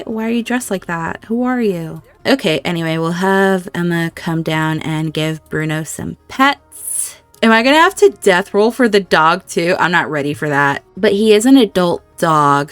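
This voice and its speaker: A gameplay video host gives casual commentary in a fairly low-pitched voice, reacting with emotion and chatting directly to the on-screen characters. There's no echo on the recording.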